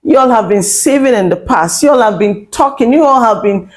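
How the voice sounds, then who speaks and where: A woman's voice: medium pitch, lively intonation, brisk, few pauses, low-quality recording. Emphatic woman commentator. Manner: emphatic, repetitive, mocking. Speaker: commentary channel host. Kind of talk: direct-to-camera commentary.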